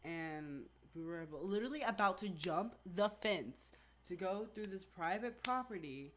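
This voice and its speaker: A vlogger telling a story in casual storytime-vlog chat, rambling and animated, packing in "like" constantly. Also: mid-range voice, unhurried, a little hiss or hum. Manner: rambling, filler-heavy, says "like" constantly; chatty, animated retelling.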